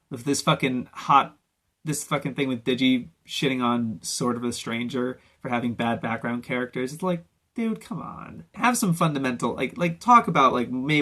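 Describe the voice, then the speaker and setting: A man's voice: medium pitch, fairly bright tone. A man giving unscripted, ranting commentary on anime videos, swearing often and mocking others in put-on quotes. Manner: ranting, profane, mocking impressions.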